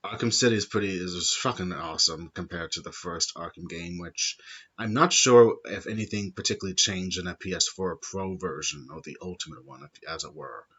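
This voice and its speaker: A man hosting a casual gaming chat, animated and rambling, swearing freely. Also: deep voice, slightly rough. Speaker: podcast host. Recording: dull lo-fi sound.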